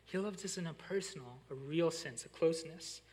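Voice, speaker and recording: This is a college pastor, a young adult man with a somewhat high voice, in the middle of a sermon. His story moves lively, then slows and goes soft wherever the key lines land.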